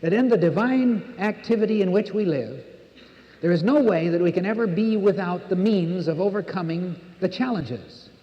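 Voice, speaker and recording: A man's voice: high-pitched, animated, moderate pace, dark tone. Older American man preaching in a reverberant hall. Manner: earnest, rhetorical, repeats words for emphasis. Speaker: minister. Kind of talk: sermon. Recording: dull old cassette recording in a reverberant hall.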